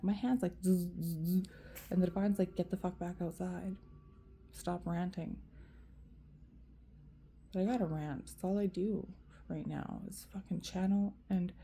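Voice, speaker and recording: A woman's voice: lowish voice, mellow. A woman vlogger venting in a rambling, profane rant to camera, full of fillers.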